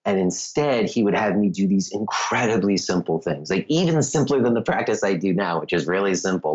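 A low-voiced American man recounts a story from his yoga training in a relaxed, rambling way. He peppers his talk with "like" and soft laughs as he goes. The recording is slightly muffled. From United States. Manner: chatty, many "like"s, laughing asides. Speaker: yoga teacher, guest. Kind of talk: casual storytelling.

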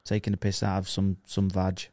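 A man's voice: sits low, completely flat delivery, fairly quick, warm tone, no room sound, clean studio sound. A man co-hosting a podcast, reading out listener comments in a joking, casual way. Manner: joking, laughs often, swears casually. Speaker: podcast co-host.

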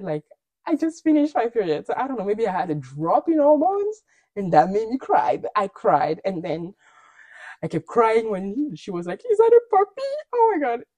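A woman's voice: mid-range voice, dark tone, no room sound. A woman hosting a podcast, recapping reality shows in candid, gossipy, opinionated chat and often laughing. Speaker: podcast host.

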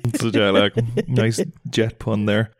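A man's voice: fairly low pitch, flat delivery, slow, dry recording, studio quality. Jokey Irish man hosting a pun quiz. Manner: jokey, punning, playful quiz-master. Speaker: podcast co-host. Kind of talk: casual podcast banter.

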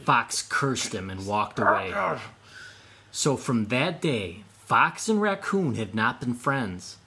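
Man telling old folk stories, slow and expressive, slightly husky. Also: medium pitch. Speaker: storyteller. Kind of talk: scripted folk tale narration.

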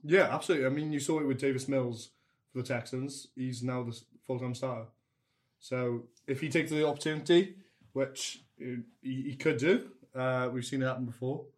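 A man's voice: medium pitch, fairly even intonation, normal speed. Punning, jokey man co-hosting a podcast. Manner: jokey, punning, mock-dramatic about lost bets. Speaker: podcast co-host. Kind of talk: casual sports podcast chat.

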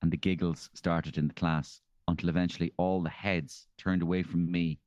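An Irish man as a comedian guest, telling animated stories in a casual chat and slipping into impressions. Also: sits low, moderate pace, no echo, dull audio. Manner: animated storyteller, slips into impressions.

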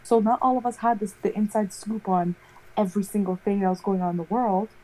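A young woman chats casually, rambling through a story and peppering it with "like". Her voice sits in a middle pitch with a soft, mellow tone. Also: brisk, rough recording. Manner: rambling, animated storytelling full of "like". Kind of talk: casual chat.

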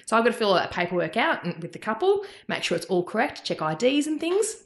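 Australian woman guest, brisk explainer, fast, roomy echo. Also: a little high, sing-song. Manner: brisk, matter-of-fact. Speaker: marriage celebrant guest. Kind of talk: explanatory interview answers.

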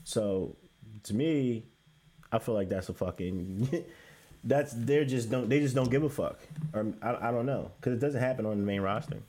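A man's voice: mid-range voice, moderate pace, darkish tone. A man co-hosting a podcast, talking bluntly and casually, with some swearing. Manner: blunt, profane, laid-back. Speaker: podcast co-host. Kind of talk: casual wrestling chat.

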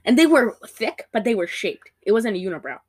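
A woman chatting casually about a movie she just watched, animated and giggly, often breaking into character voices. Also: mid-range voice, fairly quick. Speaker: podcast co-host. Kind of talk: casual movie review chat.

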